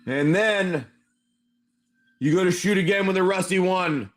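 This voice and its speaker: A man's voice: sits high, measured pace. A man running a tabletop game on a live stream, narrating each move play by play. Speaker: game master.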